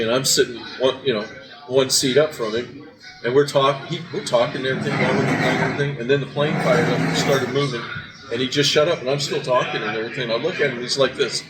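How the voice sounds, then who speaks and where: An older male host tells a rambling breakfast story, looping back through "uh" and restarts at a middle pitch. Clear music plays behind him in the restaurant. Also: rough recording. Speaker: podcast host. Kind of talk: casual breakfast chat. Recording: background music.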